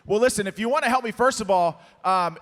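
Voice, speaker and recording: Speaking fast with a slightly bright voice, a candidate makes an emphatic rallying campaign pitch as a guest in a live stage conversation. He's going hoarse and losing his voice. A long reverb fills the conference hall, where an audience is present.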